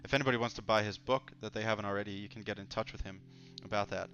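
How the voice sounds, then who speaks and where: Hosting a laid-back livestream, this man speaks at a racing pace in a lowish, slightly bright voice with fairly even intonation. He jokes around and reads viewer comments out loud, all over dull lo-fi audio with quiet music in the background.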